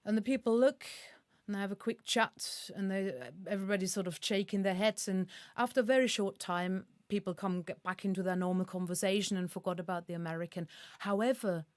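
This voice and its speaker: A woman's voice: mid-range voice, fairly even intonation, fairly quick, hardly any pauses, no echo. A German woman co-hosting a casual music stream, chatty and telling a joke with frequent laughs. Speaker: co-host. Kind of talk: casual live-stream chat.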